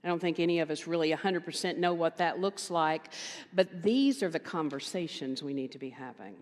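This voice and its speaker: Woman minister, lower voice, storytelling sermon with lively quoted dialogue, long hall reverb. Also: fairly quick. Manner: storytelling, animated quoted voices, emphatic repetition. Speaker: guest minister. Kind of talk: conversational sermon.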